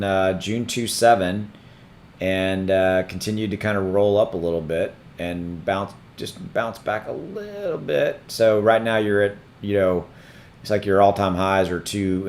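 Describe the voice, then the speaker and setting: A man hosting a casual crypto livestream, rambling and thinking aloud while he looks things up, his voice starting to go hoarse. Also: low voice, slight background noise. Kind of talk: casual live-stream chat.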